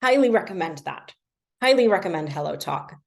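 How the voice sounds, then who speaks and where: A woman's voice: lowish voice, animated, a little fast, gravelly. A young adult woman casually teaching language learning on a livestream, chatty and self-deprecating, with lots of fillers.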